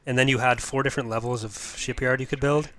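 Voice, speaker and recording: A man in his twenties hosting a casual game stream, explaining with relaxed, self-mocking asides and fillers. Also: medium pitch, quick pace. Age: 20s. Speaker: mod developer hosting a stream. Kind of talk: casual gaming livestream chat.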